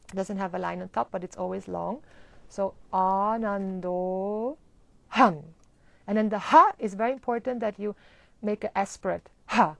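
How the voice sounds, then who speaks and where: A woman teaching a live online Sanskrit chanting lesson, explaining pronunciation and then chanting words slowly. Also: mid-range voice, vocal fry, a little mellow, no echo.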